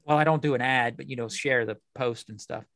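A man's voice: mid-range voice, brisk, creaky, a bit bright, no echo, studio quality. A man co-hosting a casual podcast, chatty and griping, often restarting and repeating words. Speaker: podcast co-host.

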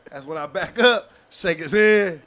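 Speaking a bit slowly in a high voice, a guest battle rapper spins a profane, animated story in slangy street talk. "You know what I'm saying" comes up again and again.

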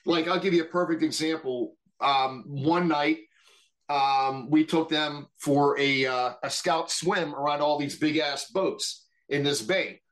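Man, middle-aged, fairly high voice, profane, animated, casual podcast storytelling. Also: a little slow. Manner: animated, profane, mimics others in quotes. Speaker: podcast guest.

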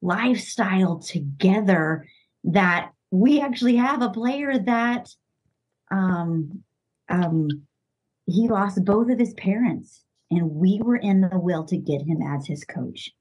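A middle-aged woman, a coach's wife and podcast guest, telling a heartfelt personal story with many pauses, fillers and restarts. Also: medium pitch, darkish tone, slightly rough, lo-fi sound.

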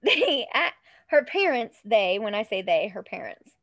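A woman co-hosting a podcast, telling a story in casual chat, animated, laughing often and tripping over words. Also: mid-range voice, measured pace, over music. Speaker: podcast co-host.

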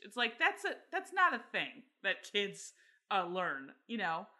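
A woman co-hosting a podcast, blunt and animated, telling stories and acting out quotes in a high voice. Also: unhurried. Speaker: podcast co-host. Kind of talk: casual chat, storytelling.

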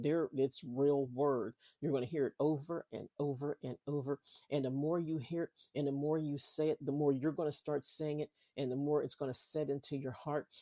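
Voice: mid-range voice, mellow, no room sound. A podcast host talking casually about faith from bed at night, rambling and repetitive, preaching with frequent amens. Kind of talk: casual Christian podcast talk. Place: sitting on a bed at home at night. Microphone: laptop.

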